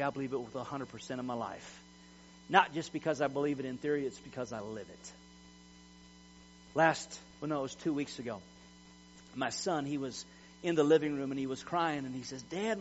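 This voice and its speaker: A man's voice: medium pitch, brisk, pauses often. A middle-aged man preaching a sermon in an emphatic, folksy way, repeating words as he tells personal stories. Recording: dull lo-fi recording with mains hum.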